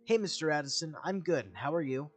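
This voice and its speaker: A man's voice: on the high side, lively intonation, fairly quick, breathy edge, soft background music. A man voicing a friendly young male game hero in his own everyday voice, answering in plain, friendly replies.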